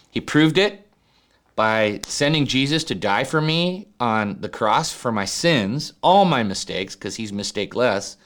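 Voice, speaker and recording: Guy preaching a sermon, gets loud and high on key words, keeps asking "right?". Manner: animated preaching, rising to high emphatic peaks, frequent "right?". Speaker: pastor.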